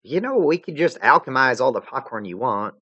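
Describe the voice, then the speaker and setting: A man voicing a gentle, earnest young human girl. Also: medium pitch, sing-song, brisk, husky, no echo, lo-fi sound, voice pushed up, exaggerated voice.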